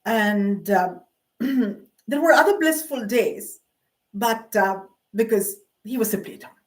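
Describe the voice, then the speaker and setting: A woman's voice: fairly high pitch, animated, slow. A middle-aged woman telling rambling, self-mocking personal stories with many fillers and asides. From Canada. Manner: meandering, self-mocking, with frequent fillers and laughs. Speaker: vlogger.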